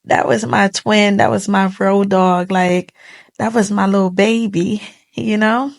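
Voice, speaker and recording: In a measured, steady-toned mid-range voice marked by vocal fry, a young woman recounts something sad from her own life to a phone camera. Her speech is casual and colloquial, and she grows tearful and heartfelt as she tries not to cry in this emotional storytime monologue.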